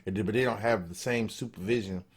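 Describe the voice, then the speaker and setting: A man's voice: on the low side, fast talker, breathy edge. A man giving casual, blunt, profane video commentary, emphatic and repeating himself for emphasis. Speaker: political commentator.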